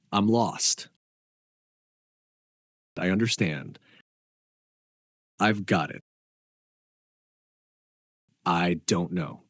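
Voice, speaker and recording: A man reading short English practice phrases one by one, with an even, deliberate delivery. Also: low voice, dry recording, clean studio sound. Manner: slow, evenly spaced, deliberate delivery.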